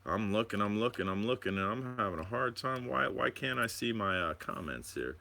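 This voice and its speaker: A man hosting a live stream at home, rambling excitedly and talking to his viewers about drones. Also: lowish voice, a little fast, creaky. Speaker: drone channel host.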